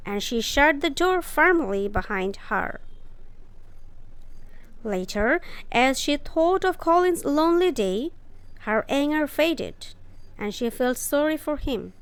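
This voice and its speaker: A woman reading a story aloud for English learners, carefully and deliberately, with short asides explaining the pictures. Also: high voice, expressive, clean tone.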